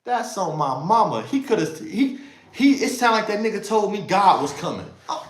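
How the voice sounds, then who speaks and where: Animated Los man, echoey room. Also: high-pitched, normal speed, noisy background. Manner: animated street slang, emphatic oaths, swings loud and quiet. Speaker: livestream host telling a story. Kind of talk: casual storytelling on a livestream.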